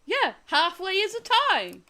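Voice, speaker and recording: A woman's voice: very high-pitched, wildly swooping pitch, a little slow, bright, forceful tone. A woman with a Somerset accent, worn out after a long day, chatting casually on a gaming stream and laughing often mid-sentence. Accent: Somerset English.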